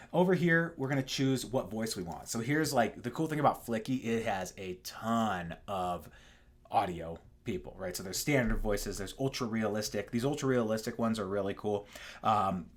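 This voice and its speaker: A young man casually walking through software on screen, dropping frequent fillers and asking "right?" as he goes. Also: on the low side. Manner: relaxed, full of fillers and tag questions. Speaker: software tutorial presenter. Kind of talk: casual screen-share walkthrough.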